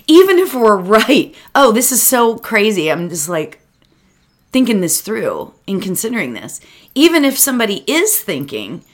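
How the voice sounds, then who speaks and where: A woman's voice: medium pitch, fairly bright tone. A middle-aged woman giving a reflective solo talk as a meditation teacher, earnest and rambling, speaking straight to her listeners and close to tears. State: emotional, near tears.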